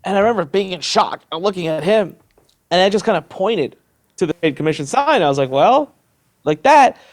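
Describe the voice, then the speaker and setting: Guy telling a story on a podcast, gets animated, does little voices for people. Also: high voice, brisk. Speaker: interview guest, entrepreneur.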